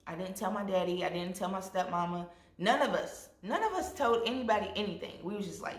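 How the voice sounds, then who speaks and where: Animated young woman telling a story. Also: mid-range voice, a little fast, few pauses. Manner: animated, addresses viewers as y'all, acts out quotes. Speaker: vlogger. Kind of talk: storytime vlog. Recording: echoey room.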